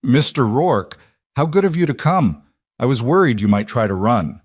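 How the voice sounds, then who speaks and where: A man's voice: lowish voice, expressive, normal speed, darkish tone, no room sound, clean studio sound. A man voicing a smug, cold villain registrar. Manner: smooth and condescending. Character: smug cold scheming male county registrar.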